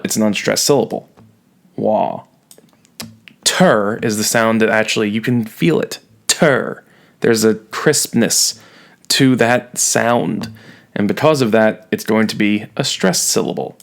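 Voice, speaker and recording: A man's voice: fairly low pitch, gravelly. A man teaching a recorded lesson, playful and jokey, leaning hard on key words. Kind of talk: recorded classroom lecture.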